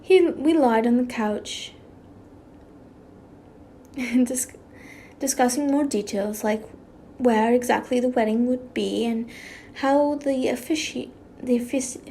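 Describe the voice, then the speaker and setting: Young woman w a slight lisp reading fanfic out loud, slow and rambly, kinda higher mellow voice, trips over words. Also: a little hiss or hum. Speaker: fanfiction reader. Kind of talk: reading fanfiction aloud with chatty asides.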